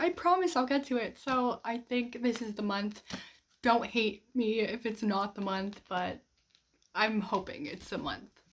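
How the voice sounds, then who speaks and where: Bubbly young woman gushing about books. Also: a little high. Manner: bubbly, gushing, fast-running sentences with many "like"s. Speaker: book vlogger. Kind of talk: casual chat to camera.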